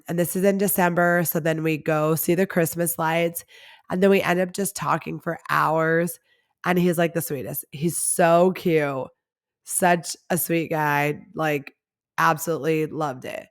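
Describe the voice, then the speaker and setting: Woman podcast host, slightly low voice, candid and chatty personal storytelling. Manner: chatty and confessional, heavy use of "like".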